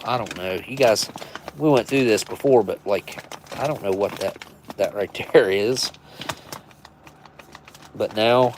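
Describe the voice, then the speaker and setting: A man with a medium-pitched voice hosts a live stream where he reviews military rations. He chats casually, rambling as he thinks out loud and corrects himself. There's slight background noise.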